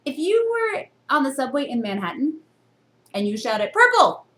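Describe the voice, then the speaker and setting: Expressive woman teaching a reading class. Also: normal speed. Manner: teacherly, full of rhetorical questions; expressive jumps in pitch for emphasis. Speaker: university reading instructor. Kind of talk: recorded classroom lecture. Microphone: camera.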